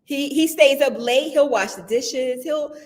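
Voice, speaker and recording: A woman's voice: high-pitched, unhurried. A woman guest in casual conversation who tells stories with energy, acts out what people said, and laughs often. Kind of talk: casual chat.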